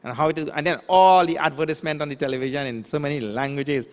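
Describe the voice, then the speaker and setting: Speaking with a steady tone on the high side, a man who is a swami explains scripture terms and raises rhetorical questions in a spiritual lecture. He slowly chants verses, and the recording has a long hall reverb.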